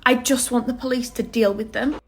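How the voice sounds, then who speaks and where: A woman talks straight to camera in a personal vlog clip. She sounds earnest and close to tears, pleading and apologising as she goes. Her voice sits a little high. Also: fairly even intonation, a little fast.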